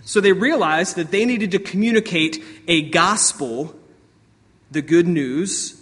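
High-voiced preaching man in a reverberant hall. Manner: animated preaching with sudden outbursts and soft asides. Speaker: pastor. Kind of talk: sermon.

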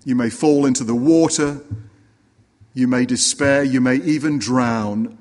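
A man preaching a sermon earnestly, rising for emphasis and dropping low and quiet. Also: measured pace, big-room sound. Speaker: pastor.

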